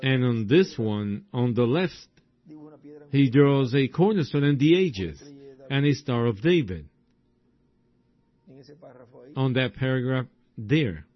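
Slow-preaching man, lo-fi. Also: mid-range voice, animated. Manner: slow, drawn-out preaching with exclamations. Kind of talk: sermon. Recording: dull lo-fi recording.

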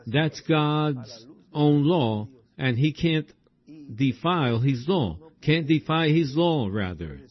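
A man preaching a sermon in a slow, drawn-out way, breaking into exclamations. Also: fairly high pitch, lively intonation. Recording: dull lo-fi recording.

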